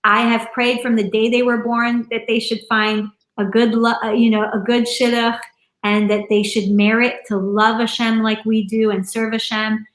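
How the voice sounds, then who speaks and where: A middle-aged woman speaking as an interview guest from her home, earnest and rambling, with plenty of fillers and restarts. Her voice sits a bit high. The room gives it a noticeable echo. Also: level tone, moderate pace. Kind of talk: casual conversational interview.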